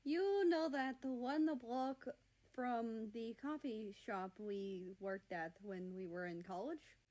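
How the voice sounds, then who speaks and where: A woman's voice: a little high, slow pace. A woman voicing a tender, lovestruck man. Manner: soft and affectionate. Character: tender, loving man, secretly nervous.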